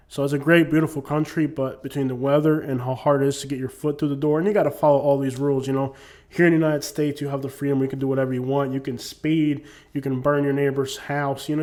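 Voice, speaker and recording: A man with a medium-pitched, darkish voice talks casually to camera as a YouTuber. His opinion monologue rambles, packed with "you know what I'm saying" fillers.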